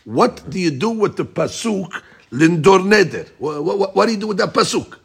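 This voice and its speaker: Male Talmud teacher, raspy and a bit high, restates each point with emphasis. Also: lively intonation, moderate pace. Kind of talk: explaining a text to students.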